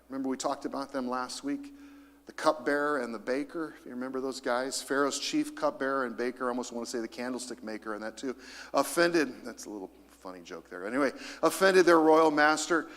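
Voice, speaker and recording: Long reverb fills the church auditorium as a middle-aged man preaches, his voice sitting at a medium pitch. This pastor is lively and emphatic, building to peaks and urging the congregation to answer him.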